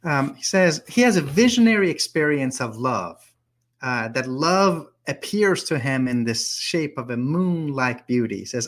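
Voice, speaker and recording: Expressive man reading poetry aloud. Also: mid-range voice, measured pace. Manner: expressive, dramatic delivery of verses.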